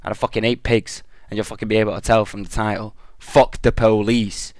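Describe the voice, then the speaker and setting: A man's voice: lowish voice, flat delivery, a little fast, dry recording. A young British man in a gaming commentary rant, telling an angry, profane story.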